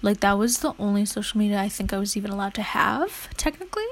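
A woman's voice: mid-range voice, lively intonation, fast talker, a bit bright, a little hiss or hum, low-quality recording. A young woman vlogging casually while studying, rambling and chatty, now and then murmuring her notes half under her breath.

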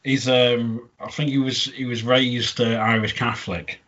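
A podcast co-host reviewing a comedy episode chats casually through a recap, his husky, slightly raspy voice sitting in an ordinary middle pitch with a fairly bright tone. He's unhurried and flat in delivery yet laughs often, quoting lines in funny voices. The recording sounds dull and lo-fi.

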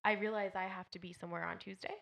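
A young woman co-hosting a casual podcast, with a bright, forward voice. She tells stories with animated energy, swearing freely. Her pitch sits in the middle. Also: racing, vocal fry. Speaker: podcast co-host. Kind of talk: casual chat.

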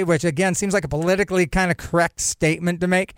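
A man's voice: high-pitched, fairly even intonation, fast talker, hardly any pauses, clear, resonant tone, no echo, clean studio sound. A man hosting a podcast on his own, joking and rambling as he reads news items aloud and wanders off into asides. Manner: rambling, joking, self-interrupting. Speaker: podcast host. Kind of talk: casual solo commentary, reading news aloud.

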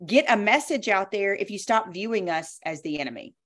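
A woman's voice: mid-range voice, fairly quick. A woman, a former sportscaster, speaking as a guest in an interview and telling her stories with emphasis and energy. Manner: emphatic, animated storytelling. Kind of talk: conversational interview.

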